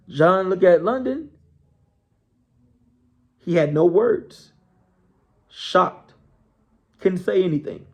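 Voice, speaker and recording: A man spinning a story in a relaxed, conversational way and checking in with his listeners as he goes. His voice sits a little high. He takes his time with each line. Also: slow pace, long pauses, lo-fi sound. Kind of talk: casual spoken storytelling.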